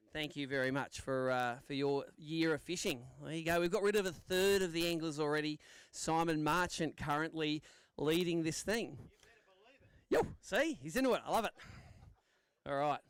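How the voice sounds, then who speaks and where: Male MC, upbeat banter, high smooth voice. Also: no echo. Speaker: tournament weigh-in MC. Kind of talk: live event emceeing. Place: outdoor lakeside weigh-in stage.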